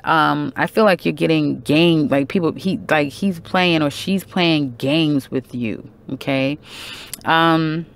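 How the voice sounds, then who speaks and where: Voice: medium pitch, takes it slowly, vocal fry. A tarot reader giving a casual monthly horoscope reading, chatty and emphatic, with many fillers, self-corrections and "okay?" check-ins to the viewer.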